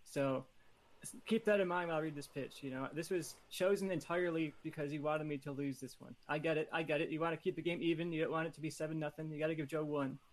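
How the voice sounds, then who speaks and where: Playful rambling man, slightly high. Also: steady tone, fast talker. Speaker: podcast panelist. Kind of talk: casual chat.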